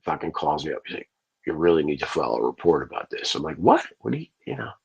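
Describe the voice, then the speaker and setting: Male livestream host, low husky voice, loose profane storyteller. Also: quick pace, highs cut off. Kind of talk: casual ranting livestream.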